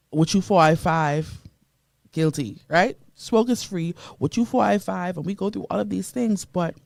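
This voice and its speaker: A woman's voice: medium pitch, mellow, no room sound. A woman from the Bahamas hosting a motivational radio show, emphatic and preachy, greeting listeners by name from a studio mic.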